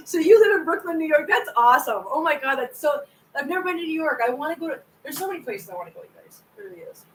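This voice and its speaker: A woman's voice: sits high, animated, fast, distant mic, slight background noise, rough recording. A woman hosting a casual livestream from home, chatting with viewers in a rambling way and stumbling over her words. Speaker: cat channel host.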